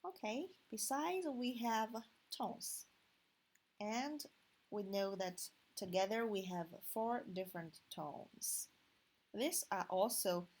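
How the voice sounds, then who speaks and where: Slow husky woman teaching pronunciation. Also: mid-range voice. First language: Chinese. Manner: drills sounds one by one, slow and deliberate, stretched tones. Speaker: Chinese language teacher.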